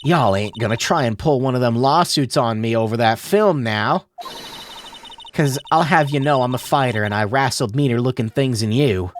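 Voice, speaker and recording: A man's voice: mid-range voice, a little hiss or hum, lightly acted. A man streamer voicing a brash young Southern woman in a game, with a put-on Southern drawl and a folksy scolding manner. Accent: put-on American Southern drawl. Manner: sassy, folksy, quick to scold. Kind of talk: streamer reading game dialogue aloud.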